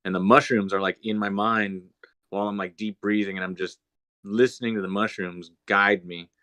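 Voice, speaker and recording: A man's voice: on the low side, steady tone, moderate pace, bright, forceful tone, dry recording. Laid-back rambling man telling a story. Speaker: podcast host. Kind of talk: casual storytelling chat.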